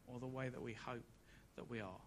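A man preaching a sermon at a church service, building to loud emphatic peaks and then dropping soft and low. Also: fairly even intonation, brisk, a little hiss or hum.

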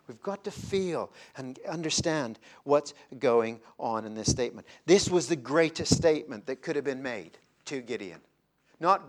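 A man's voice: medium pitch, expressive, moderate pace, pauses often. Dramatic male preacher, wide-ranging voice. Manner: dramatic, swings from loud emphasis to hushed near-whispers. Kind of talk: sermon.

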